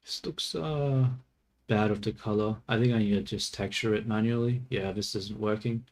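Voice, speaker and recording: Brief: man with a lowish voice, casual think-aloud streamer, mutters and swears lightly through his work. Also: normal speed, a little mellow. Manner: mutters to himself, swears casually, laughs at mistakes. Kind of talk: casual think-aloud commentary while working.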